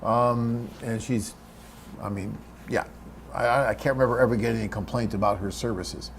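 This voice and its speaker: A man's voice: mid-range voice, fairly even intonation, moderate pace, a little hiss or hum. A man hosting a live webcast, reading out viewer questions and answering them in a chatty, off-the-cuff way.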